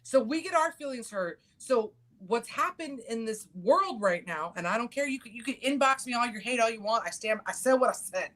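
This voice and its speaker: A middle-aged woman hosting a casual chat, blunt and quick to swear, acting out what people said. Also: a little high, expressive, a bit bright. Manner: blunt, swears freely, acts out quotes. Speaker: podcast host.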